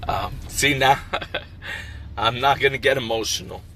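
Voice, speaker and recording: A man who owns a restaurant, talking casually and warmly to his followers, encouraging them with lots of fillers. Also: mid-range voice, measured pace, slight background noise. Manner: heartfelt, encouraging, many fillers. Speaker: restaurant owner. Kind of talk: casual motivational vlog. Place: in a car, then a wholesale store.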